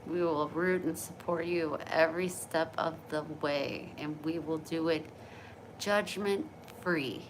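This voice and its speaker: A woman's voice: low-pitched, slow pace, slight background noise, rough recording. A woman livestreaming from her bedroom at night on her phone, chatty and encouraging as she reads and answers viewer comments. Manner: chatty, encouraging, laughs easily. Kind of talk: casual livestream chat.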